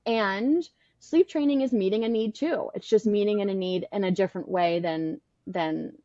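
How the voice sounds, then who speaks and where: A woman in her thirties answers podcast questions as a baby sleep consultant, earnest and animated, often restarting her sentences. Her audio sounds dull and lo-fi, and the mic picks up no room at all. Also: medium pitch, moderate pace, no echo. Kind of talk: podcast interview.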